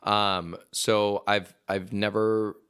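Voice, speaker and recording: A man's voice: lowish voice, little pitch movement, extremely slow, a bit bright, clean tone, no room sound, studio quality. A young adult man from Venezuela, a guest talking casually in an interview, rambling with lots of fillers. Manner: chatty, rambling storyteller with many fillers. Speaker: actor and podcast guest.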